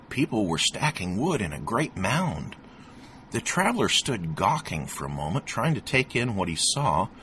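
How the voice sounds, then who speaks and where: Deep-voiced man reading a story. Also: a little hiss or hum. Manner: expressive, animated reading. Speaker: narrator reading an article. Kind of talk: storytelling read-aloud.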